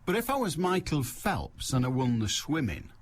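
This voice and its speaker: Wry, lively-voiced male radio host. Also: fairly high pitch, moderate pace, a little hiss or hum. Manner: wry, rambling, joking asides. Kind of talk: call-in radio chat.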